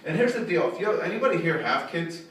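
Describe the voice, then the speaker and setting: Brash profane comedian in an echoey room. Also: male voice, lively intonation, fast talker, fairly bright tone. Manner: brash and profane, pitching up for quoted callers. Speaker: stand-up comedian. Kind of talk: stand-up comedy set. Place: small art studio venue with a live audience. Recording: very echoey room, from a distance, audible noise.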